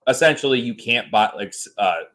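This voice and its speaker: Animated joking man, podcast host. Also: mid-range voice, a little fast, low-quality recording. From United States. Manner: animated storyteller, jokey and profane. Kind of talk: casual chat.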